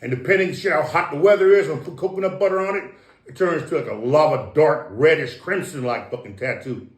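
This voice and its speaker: A man of Samoan heritage speaks in a loose, rambling monologue, his voice a little higher than most men's. He swears constantly and lectures the listener, stumbling over and repeating his words. The room around him is echoey. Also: a little fast. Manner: profane, preachy, repeats and restarts words. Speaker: guest. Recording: roomy echo.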